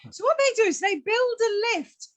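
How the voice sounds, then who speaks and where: Lively, high-voiced British woman doing stand-up. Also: normal speed. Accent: British English. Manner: chatty, teasing, lively storytelling. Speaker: comedy host. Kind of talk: stand-up comedy over a video call. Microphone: video call.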